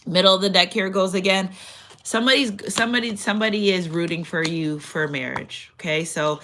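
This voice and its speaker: A woman's voice: fairly low pitch, a little fast, noisy background. A woman giving a casual spiritual card reading, chatty and repetitive. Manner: chatty, repeats phrases, reads out affirmations. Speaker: tarot card reader.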